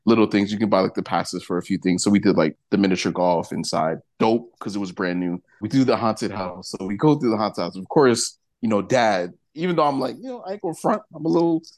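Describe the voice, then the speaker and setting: A man's voice: fairly low pitch, brisk, hardly any pauses, darkish tone. A man co-hosting a casual podcast, telling stories with lots of laughter and swearing. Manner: laughing, profane storytelling. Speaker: podcast co-host.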